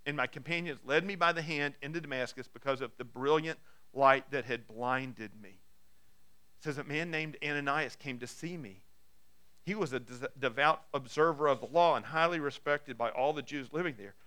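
A male pastor preaching a sermon, reading scripture aloud with dramatic swings between hushed passages and emphatic, raised lines. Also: medium pitch, normal speed, clear, resonant tone.

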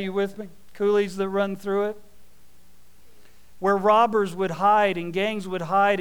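A man preaching a sermon, telling a parable with folksy, animated asides. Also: sits high, clean tone.

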